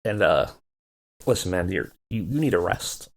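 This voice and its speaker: A man's voice: low voice, lively intonation, normal speed. A man voicing a pushy male wrestling gang leader in a game let's play, pleading and urgent, always starting with "listen".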